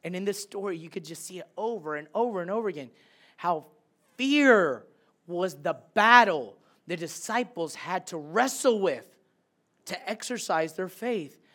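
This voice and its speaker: Animated male pastor preaching. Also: high-pitched, a little slow. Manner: animated, swings from loud to hushed. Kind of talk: sermon.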